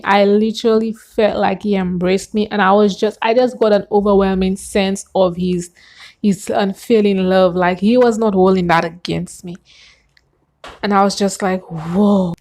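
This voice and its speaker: A woman telling her personal faith testimony in an earnest, animated way, gasping and acting out what she said back then. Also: mid-range voice. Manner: earnest and animated, with gasps and acted-out quotes.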